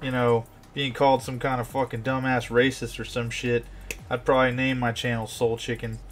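A man's voice: medium pitch, level tone, moderate pace, a little hiss or hum. A man hosting a livestream, joking around and swearing in casual chat. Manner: profane, joking. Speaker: channel host.

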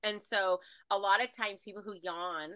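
A woman energy healer talking casually and animatedly, rambling with fillers as she guides a spiritual clearing. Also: mid-range voice, steady tone, normal speed, fairly bright tone, dry recording, low-quality recording. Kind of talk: casual spiritual healing talk.

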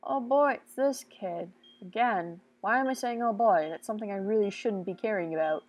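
A woman giving casual, goofy, excitable commentary while she plays a video game, often talking to the characters on screen. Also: medium pitch, moderate pace. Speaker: let's play gamer.

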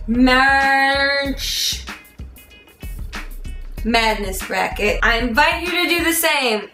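A woman's voice: high-pitched, pushed and bright, roomy sound. A woman vlogger from near Philadelphia, chatting casually with playful, sarcastic asides. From United States, near Philadelphia. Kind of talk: casual jokey vlog.

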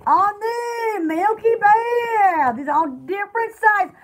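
A woman's voice: very high-pitched, expressive, slow pace. A woman hosting a casual live sale of bath products, chatty and giggly, rambling between product lists. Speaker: online shop host selling bath products. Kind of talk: casual live sales chat.

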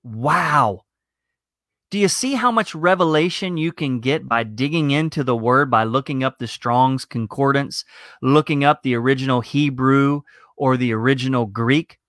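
A middle-aged man, a pastor, giving a slow, emphatic teaching sermon full of rhetorical questions. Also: mid-range voice, fairly bright tone, no room sound, clean studio sound.

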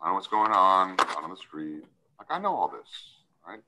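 A man's voice: sits low, big pitch swings, normal speed, very noisy. A man serving as a judge, sternly lecturing a defendant in a courtroom hearing and often tagging his points with "right?".

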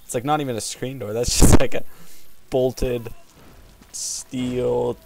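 Here the same kind of let's play host is slow and creaky, his mid-range voice delivered flatly. He still rambles, jokes, and addresses the characters on screen. Background noise and in-game gunfire and ambience sit over his commentary.

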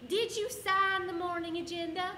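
A woman playing a stern middle-aged teacher who questions a student in slow, pointed words. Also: very high voice, steady tone, pushed and bright, voice pushed up. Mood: polite. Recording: echoey room with background noise.

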